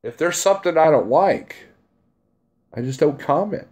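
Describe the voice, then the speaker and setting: A man's voice: fairly high pitch, expressive, normal speed, darkish tone. A man who drives a truck, chatting casually on a live stream and reading out viewer comments in a blunt, chummy way, laughing easily.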